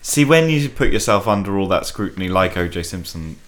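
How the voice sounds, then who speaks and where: A woman's voice: a bass voice, lively intonation, fairly quick, a little hiss or hum. A woman co-hosting a podcast in casual chat, reacting with incredulous questions and frequent laughter. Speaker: podcast co-host.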